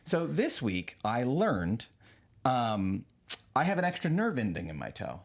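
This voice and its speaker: Podcast co-host, lively storyteller, voice rises and falls a lot, mid pitch. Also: unhurried. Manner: animated storyteller, acts out quoted voices. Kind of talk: casual chat.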